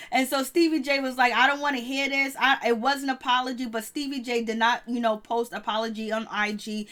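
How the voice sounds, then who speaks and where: In a fairly high, somewhat bright voice, a woman loosely recaps reality TV gossip. She laughs a lot and drifts off mid-thought, then picks the thread back up.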